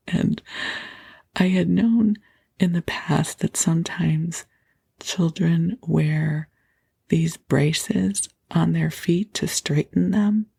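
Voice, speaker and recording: A middle-aged woman hosting a podcast, gently telling a personal story at bedtime, with soft laughs and passages that drop into a whisper. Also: sits low. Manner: gentle and breathy, laughs softly, slips into whispers. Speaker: podcast host.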